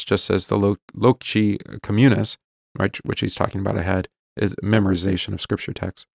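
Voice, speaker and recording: A man with a low, gravelly voice reads passages aloud in a dry, close recording and then unpacks them as a teaching pastor. He explains patiently, keeps checking in with his listeners, and slows down to stress his main points. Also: flat delivery, no room sound. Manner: explanatory, checks in with frequent "right?". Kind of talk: teaching sermon reading aloud from a text.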